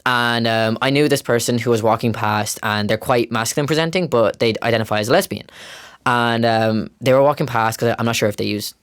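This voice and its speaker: A man hosting a podcast, telling stories in a chatty, animated way with frequent laughs. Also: medium pitch, fairly quick, smooth, dry recording, studio quality. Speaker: podcast host. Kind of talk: casual chat.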